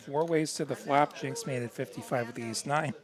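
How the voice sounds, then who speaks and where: Over crowd noise, a man who is not from Texas does live play-by-play poker commentary, easygoing and analytical as he walks through each hand. His medium-pitched voice is steady and a little fast.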